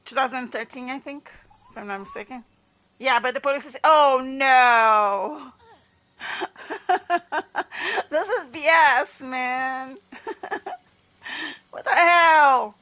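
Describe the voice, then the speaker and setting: Woman, livestream gamer, high voice, unhurried delivery, yells and swears, chats with viewers. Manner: excitable, swears and yells at other players; talks to chat between rounds. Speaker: gaming livestreamer. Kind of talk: live gameplay commentary.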